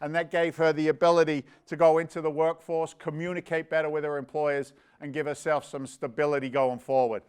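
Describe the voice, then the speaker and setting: High-voiced energetic male gala emcee. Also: fairly quick, hardly any pauses, clear, resonant tone. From London. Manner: energetic, joking, rambling. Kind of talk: fundraising hosting. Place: virtual event, live stream.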